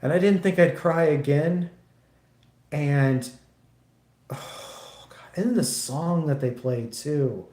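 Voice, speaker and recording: Male streamer, unhurried and profane, rambling casual chat, roomy sound. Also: a little high, dark tone. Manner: rambling and profane, many restarts. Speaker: livestreamer. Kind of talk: casual chat while building a model kit.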